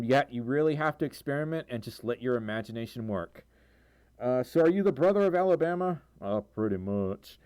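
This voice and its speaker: A man's voice: mid-range voice, darkish tone. A young man from Mississippi, hosting a casual livestream, answering viewer questions in a rambling, self-deprecating way with lots of ums and laughs. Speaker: livestream host.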